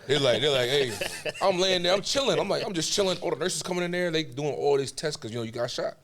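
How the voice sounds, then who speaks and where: A man's voice: on the high side, fast talker. Young man, from New York, podcast guest, storytelling, acts out dialogue. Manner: animated, tells stories with acted-out dialogue. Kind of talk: casual storytelling.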